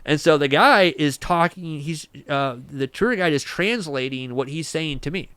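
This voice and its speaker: Podcast guest, man from Michigan, animated rambler doing quick voices for others, smooth voice in a dry studio. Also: on the high side, no room sound. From Michigan, USA. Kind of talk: casual storytelling interview.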